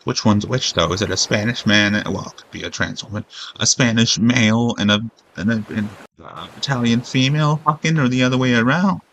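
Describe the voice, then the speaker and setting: A man's voice: medium pitch, brisk, fairly bright tone, a little hiss or hum, rough recording. A man streaming a video game, rambling in casual commentary with sarcastic jokes and frequent swearing.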